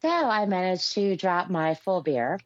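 A woman's voice: fairly low pitch, big pitch swings, measured pace, background noise. Teasing woman on a lo-fi line. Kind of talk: casual chat.

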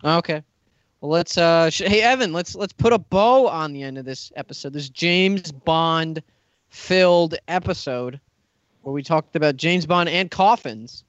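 A laid-back man co-hosting a casual podcast, his voice a touch high for a man. The sound is dry and slightly dull. He jokes loosely with his friends. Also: a little slow, dry recording. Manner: laid-back, joking, wraps up the show. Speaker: podcast co-host. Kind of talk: casual group chat.

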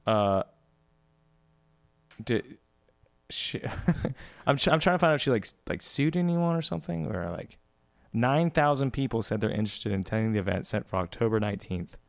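Man, podcast co-host, gravelly fry, animated pitch, reads headlines, dry mic. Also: normal speed, no room sound. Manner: reads out headlines, hesitant fillers. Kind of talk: casual podcast chat.

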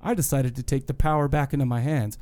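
A man's voice: mid-range voice, fast talker. A man hosting a podcast in casual banter, jokey and steering the talk between segments. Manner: lively, jokey, runs the segments. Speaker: podcast host.

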